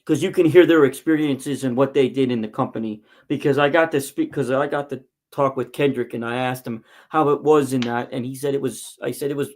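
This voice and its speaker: A man's voice: mid-range voice, fairly even intonation, a little fast, few pauses, darkish tone. A man on a casual podcast, telling long fan stories with lots of restarts and false starts. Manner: rambling storyteller with many restarts. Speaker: guest, wrestling promotion figure.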